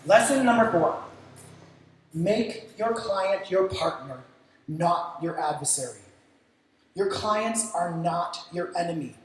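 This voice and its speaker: A man speaking at a creative industry event, giving lively stage lessons and acting out what clients say and think. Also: sits high, slight background noise. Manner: energetic, acts out clients' reactions, casual swearing. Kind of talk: stage talk with practical lessons. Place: event stage in a large, echoey venue. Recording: very echoey hall sound.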